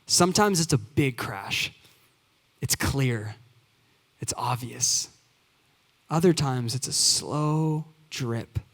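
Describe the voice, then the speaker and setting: A man's voice: on the high side, lively intonation, takes it slowly, a bit bright. A man in his twenties, a youth pastor preaching a sermon in earnest, building to emphatic repeated phrases. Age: 20s. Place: church sanctuary. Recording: long hall reverb.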